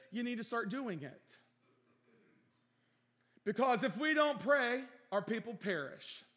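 A male pastor delivers an earnest sermon in a church sanctuary, repeating phrases for emphasis and calling out for amens. His voice is extremely high, bright and forceful. A long hall reverb from the church surrounds the recording.

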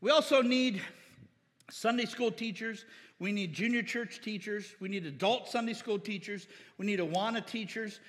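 Bright-voiced preacher exhorting in a hall. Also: male voice, sits high, moderate pace. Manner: exhorting, calls for amens, quotes scripture. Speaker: pastor. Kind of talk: sermon. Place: church hall. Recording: reverberant church hall.

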